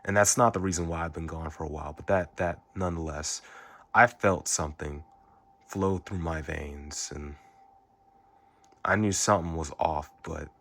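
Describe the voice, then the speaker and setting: A man speaking an unscripted, emotional message while fighting back tears, halting and repeating his words and swearing casually. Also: rumbling low, gravelly, a bit bright. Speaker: fan recording a tribute message.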